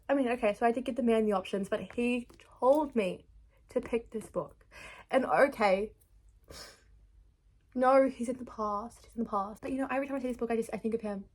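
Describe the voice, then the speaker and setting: A woman's voice: medium pitch, fairly bright tone. A young woman in a casual vlog, chatting and gushing as she reviews books, trailing off mid-sentence as she searches for words. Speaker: book vlogger.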